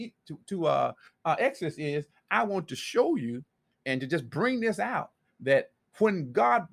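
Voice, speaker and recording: A male preacher with a gravelly, somewhat high voice that swings widely in pitch as he preaches. He reads scripture passages aloud between his own points. He often repeats and restarts words mid-phrase. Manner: animated preaching with many restarts and scripture reading. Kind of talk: sermon.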